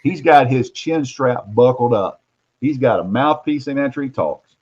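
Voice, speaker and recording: A man hosting casual sports talk. He tells stories animatedly, dropping to hushed asides and rising for loud punchlines. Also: mid-range voice, animated, moderate pace, husky, no room sound. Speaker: host, recruiting reporter. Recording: muffled lo-fi audio.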